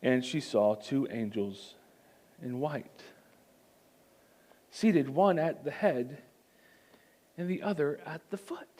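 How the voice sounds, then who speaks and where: A man preaching a sermon as pastor, telling the story in an animated way with comic asides. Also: mid-range voice, slow pace, pauses often.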